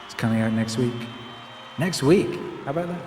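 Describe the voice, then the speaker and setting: Man, livestream host, mid-pitched voice, casual and rambling, jokey asides, stand mic, music in the background. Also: lively intonation, normal speed, a little mellow, roomy sound, in a large hall. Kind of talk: casual livestream chat, reading viewer comments aloud. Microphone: microphone on a stand in front of him. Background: music playing.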